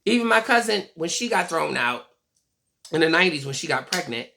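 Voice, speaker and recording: A person in their forties vlogging a casual, blunt and profane monologue, telling stories in an animated way. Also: medium pitch, a little fast, creaky, a little hiss or hum. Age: 40s.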